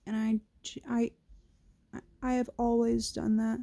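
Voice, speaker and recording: A woman's voice: fairly high pitch, level tone, creaky, dark tone, no room sound. A woman vlogging casually to camera, reflective and candid, with a fresh-from-sleep morning voice. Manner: slow, reflective, casual with swearing.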